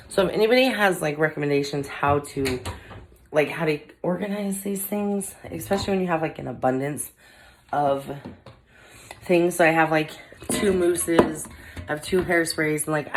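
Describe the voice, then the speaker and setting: Brief: woman vlogger at home, rather low voice, loose rambling chat, lots of "like", faint hiss behind. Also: rough recording. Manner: rambling, heavy use of "like" fillers. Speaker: vlogger, mother. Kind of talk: casual chat to camera. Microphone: camera.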